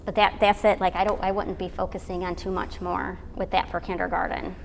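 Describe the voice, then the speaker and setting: A woman's voice: lowish voice, flat delivery, fairly quick, creaky, a little hiss or hum, low-quality recording. A woman teacher describing how she would focus a kindergarten lesson, thinking aloud as she goes.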